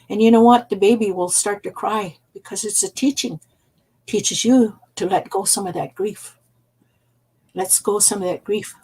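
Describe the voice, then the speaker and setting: Husky older woman telling stories. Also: fairly high pitch, rough recording. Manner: soft, unhurried, repeats phrases for emphasis. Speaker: elder storyteller. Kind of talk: gentle storytelling and teaching.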